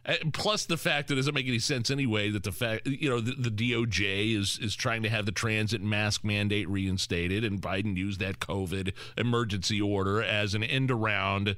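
A man's voice: fairly low pitch, steady tone, normal speed, few pauses, a bit bright, no echo. A man hosting political talk radio, combative and sarcastic, with frequent restarts. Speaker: radio talk show host.

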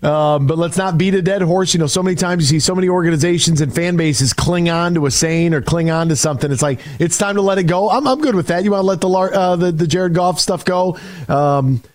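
A man's voice: high-pitched, a little fast, few pauses, a little mellow, no room sound, clean studio sound. A man hosting a sports radio show in a casual, emphatic style, often restarting his sentences. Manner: conversational, emphatic, frequent restarts.

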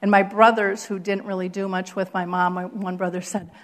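Animated woman telling a story. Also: mid-range voice, brisk. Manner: animated storyteller, acts out quotes, laughs often. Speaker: keynote speaker. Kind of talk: storytelling keynote.

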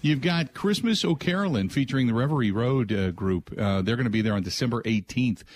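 A man's voice: mid-range voice, animated, brisk. Chatty, rambling sports radio host man. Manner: rambling, chatty, lots of filler and restarts. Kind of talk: casual radio talk with call-in prompts. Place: radio studio.

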